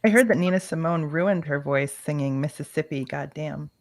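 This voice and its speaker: A woman's voice: low voice, normal speed, no echo. A woman from Massachusetts co-hosting a casual interview, dropping wry, laughing quips. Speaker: co-host.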